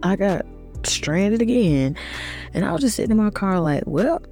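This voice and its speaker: A woman vlogger talking in a relaxed, reflective monologue, chatty and informal with many fillers. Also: mid-range voice, moderate pace, faint music behind.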